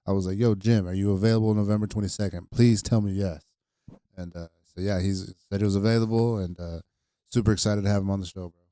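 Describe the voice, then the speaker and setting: A young man with a low, smooth voice chats easily on a podcast, spinning comedy-club stories in loose slang. The sound is close and dry. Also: fairly even intonation, fast talker, dark tone, dry recording. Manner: laid-back storytelling with frequent slang. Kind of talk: casual podcast chat.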